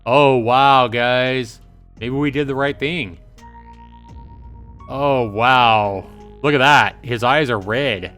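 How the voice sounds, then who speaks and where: A man streaming a visual novel, reading the text aloud into a close mic and breaking into excitable outbursts. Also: medium pitch, slow, long pauses, soft background music. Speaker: game streamer.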